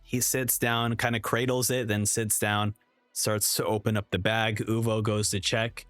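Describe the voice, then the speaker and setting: A man's voice: on the low side, flat delivery, a little slow, a bit bright, no echo, soft background music. A young man reacting to an anime episode, reading the subtitles aloud and narrating each scene, often stopping to correct himself. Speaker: reaction streamer.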